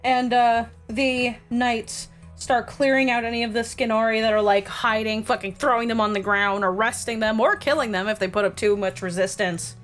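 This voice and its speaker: A woman's voice: on the high side, fairly even intonation, moderate pace, few pauses, a bit bright, soft background music. A woman running a tabletop game, narrating casually with lots of "like" and "uh". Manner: casual, many fillers like "like" and "uh". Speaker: game master.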